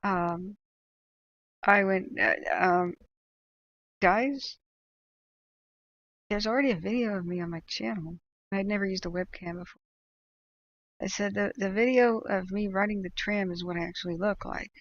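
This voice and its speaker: A woman from the United States tracks wildfires on a livestream, talking at normal speed in a medium pitch. She rants and chats animatedly with laughs and fillers, though the recording is muffled with slight background noise.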